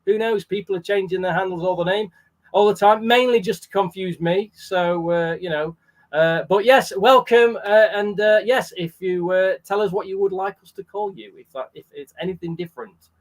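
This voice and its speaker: A man's voice: sits high, moderate pace. A man hosting a charity livestream in a casual, chatty way, greeting viewers by name. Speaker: livestream host.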